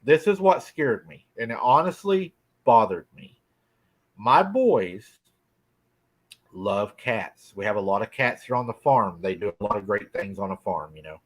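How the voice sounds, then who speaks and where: A man's voice: fairly low pitch, animated, a little slow. Folksy man telling a spooky tale. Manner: folksy, drawling, laughs often. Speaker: guest telling a cryptid encounter. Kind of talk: casual storytelling. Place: rural farm home.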